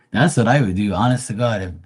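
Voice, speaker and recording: A man's voice: fairly low pitch, husky. A man hosting a live stream and chatting casually to his viewers, crude and boastful, rambling with lots of fillers. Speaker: live-stream host talking to chat.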